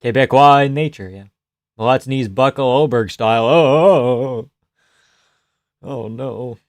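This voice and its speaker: A man calls a fight live on a stream, cracking profane jokes, laughing often and shouting at big shots. His voice sits at an ordinary middle pitch, and it sounds dry and close, with almost no room around it. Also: unhurried, dry recording. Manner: reacts loudly to big shots. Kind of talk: casual live fight reaction commentary.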